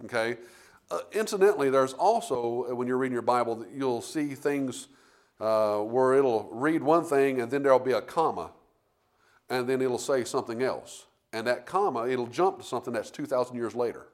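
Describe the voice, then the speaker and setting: A man's voice: medium pitch, moderate pace. A man preaching a sermon, rambling through restarts and then building to emphatic points.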